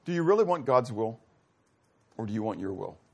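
A male pastor's creaky, husky voice swings widely in pitch as he preaches a little fast in a casual, conversational manner. He frequently questions his congregation, acts out short dialogues, and at times lets his voice sink low and soft.

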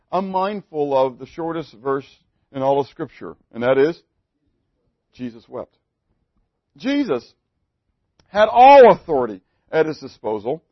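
A man preaching a sermon, swinging between loud emphasis and hushed asides and putting questions to the congregation. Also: a little high, dry recording, lo-fi sound. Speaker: pastor.

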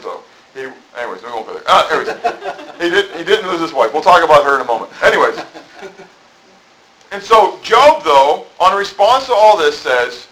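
A man's voice: a little high, big pitch swings, moderate pace, pushed and bright, low-quality recording. A middle-aged man preaching a sermon in a conversational, rambling way, full of asides. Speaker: pastor. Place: church.

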